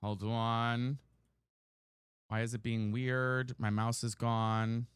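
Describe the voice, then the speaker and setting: A man's voice: mid-range voice, flat delivery, slow, smooth, no room sound, studio quality. A man streaming live from a room at home, chatting casually and ranting in exasperation to his viewers. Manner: chatty, exasperated rants to chat. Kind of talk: casual chat while gaming.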